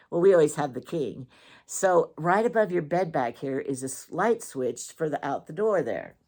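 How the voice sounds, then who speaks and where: Woman from wyoming doing her own little morning show, gravelly voice, chatty and rambling, teasing her husband. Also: deep voice, darkish tone. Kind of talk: casual storytelling monologue.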